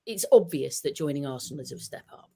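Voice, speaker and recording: A man chatting about football on a podcast, telling stories in an animated way, with many restarts. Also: medium pitch, fast, gravelly, husky. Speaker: podcast guest. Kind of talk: casual football chat. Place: home with a dog.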